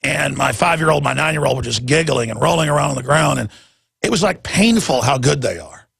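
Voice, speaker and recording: A man's voice: mid-range voice, lively intonation, a little fast, creaky, a bit bright, breathy edge, no echo. A man in his forties hosting a talk radio show, speaking intensely and emphatically and stumbling over repeated words when worked up. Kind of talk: impassioned talk radio monologue.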